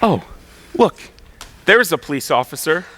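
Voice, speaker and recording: An exasperated proper gentleman, played by a teenage boy, reacts with huffy incredulity. The voice is high, swooping and bright. The lines are performed on a school stage and sound dry and close. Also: sing-song, a little slow, exaggerated voice. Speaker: student stage actor. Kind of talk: live school stage play.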